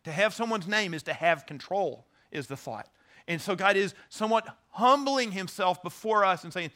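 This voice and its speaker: A male pastor delivering a sermon in a high, bright voice. He talks in an earnest, teaching way, stumbling over restarts and repeated words as he explains. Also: animated, moderate pace.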